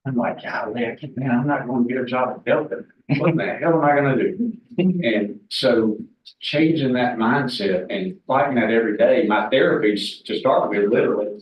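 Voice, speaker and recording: A man's voice: mid-range voice, far from the mic, a little hiss or hum. A man in his forties, telling candid stories and joking with a team in a meeting room. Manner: folksy, candid, joking with the audience. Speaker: guest speaker at a real estate team meeting. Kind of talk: casual storytelling talk to a room. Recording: echoey room recorded from afar, dull sound.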